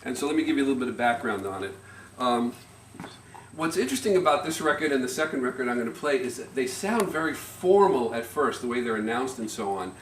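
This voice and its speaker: A middle-aged man gives an informal speech at a family gathering, a little nervous, telling anecdotes with stops, restarts and soft chuckles. He stands well back from the microphone, so his voice carries a roomy echo. There is a faint hum of ambience behind him. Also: mid-range voice, expressive, quick pace. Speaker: family member giving a speech. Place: party room, indoors. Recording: echoey, distant amateur room recording.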